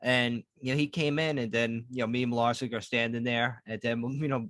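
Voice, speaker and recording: A man co-hosts a podcast, talking in a loose, profane, heated rant. His voice sits at an ordinary middle pitch. The sound is dry and close, with no room around it. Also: steady tone, a little fast, a bit bright, dry recording. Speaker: podcast co-host. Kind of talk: casual podcast chat.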